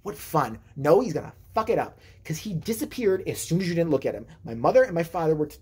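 A man vlogger telling a comedic personal story in an animated, profane, rambling way. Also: on the high side, fast, slightly rough.

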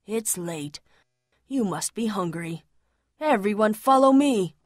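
A woman doing a gentle bookshop owner. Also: mid-range voice, animated, slow pace, dry recording, studio quality, pitched below the performer's own voice.

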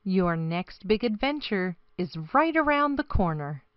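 A loving mother hippo from a bedtime storybook, soft and soothing, as a woman reads her part. She speaks slowly, recorded dry and a bit dull. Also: medium pitch, very animated, clear, resonant tone, no echo. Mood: tender.

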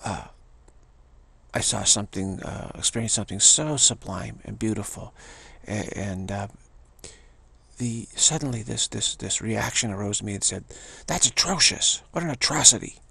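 Gravelly, husky older man teaching. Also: fairly low pitch, steady tone, sharp tone, dry recording. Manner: halting, with many restarts and pauses. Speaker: spiritual teacher. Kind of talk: meditative teaching talk.

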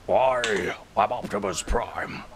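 Optimus Prime. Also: male voice. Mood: commanding. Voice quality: deep, gravelly, drawn-out booming robot voice. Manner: slow, heavy, theatrical delivery. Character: Optimus Prime, commanding robot leader, male. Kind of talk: voice impression in online game chat. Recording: noisy game voice chat.

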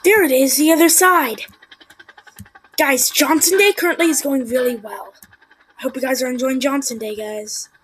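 High-pitched excitable gamer woman. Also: moderate pace, a little hiss or hum. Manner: excitable, yelps and frequent whispered asides. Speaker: gameplay commentator. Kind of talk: let's play commentary.

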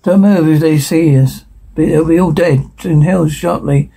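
Gravelly man voicing a whole cast. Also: a little high, fairly even intonation, moderate pace, dark tone, low-quality recording. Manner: switches between characters, reads sound cues aloud. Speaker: voice performer. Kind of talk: solo dub of a TV scene.

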